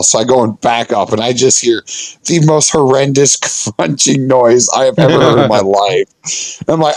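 A man's voice: medium pitch, moderate pace, no room sound, rough recording. A man on a podcast telling an off-road trip story in casual, profane chat, acting out what he said back then. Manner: animated, swearing, acts out his own past lines.

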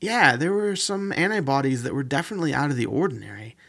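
A man's voice: medium pitch, animated, fast, creaky, a bit bright, slightly rough, voice pushed up, full character voice. A man voicing a scruffy young lab technician who talks vaguely and hesitantly. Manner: vague and hesitant, then defensive.

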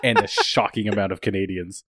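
A man's voice: deep voice, fairly even intonation, a little fast, a bit bright, no echo, studio quality. A young man co-hosting a podcast, recapping an episode in a joking, casual way with some swearing. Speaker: podcast co-host. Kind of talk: casual chat.

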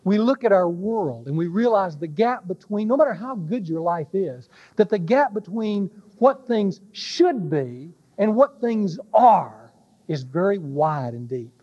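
A man preaching a sermon, slow and weighty, dropping to a hush on key words. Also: high-pitched, expressive, lo-fi sound. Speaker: pastor.

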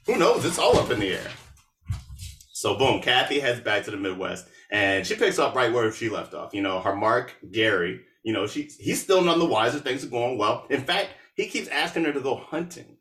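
A man hosting a podcast, recapping a movie in a casual, animated and sarcastic way. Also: medium pitch, normal speed, roomy sound, far from the mic. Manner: animated, sarcastic, with laughs and asides. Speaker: podcast host.

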